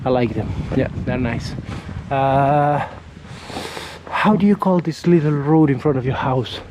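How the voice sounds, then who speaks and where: A man from Italy with an Italian accent, chatting casually on a walking vlog and often pausing to search for words, talking into a camera outdoors on a windy street. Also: medium pitch. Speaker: vlogger. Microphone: camera mic held near the face. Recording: faint wind and traffic noise outdoors.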